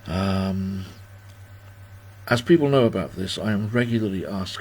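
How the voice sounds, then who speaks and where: This low-pitched, slightly rough, somewhat mellow voice belongs to a man in his sixties hosting a home livestream birthday party. He speaks unhurriedly with lively intonation, rambling casually and running himself down as he goes through viewer comments.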